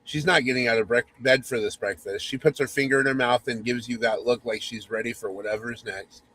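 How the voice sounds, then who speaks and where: Male host reading a spoof romance aloud; mock-sultry, teasing, medium pitch. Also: fairly even intonation, a little fast, sharp tone, husky, low-quality recording. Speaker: podcast host.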